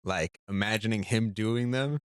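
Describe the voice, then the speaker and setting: A man's voice: on the low side, normal speed, smooth, no room sound, clean studio sound. A young man, a comedian guest on a podcast, talking casually and hesitating as he searches for words. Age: young adult. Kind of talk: casual chat.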